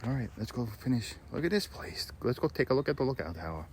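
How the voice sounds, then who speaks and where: A man's voice: mid-range voice, big pitch swings, quick pace, darkish tone, a little hiss or hum. A man vlogging a walk outdoors, chatty and enthusiastic as he narrates what he sees. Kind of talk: walking tour vlog. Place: outdoors on a nature trail and lookout tower.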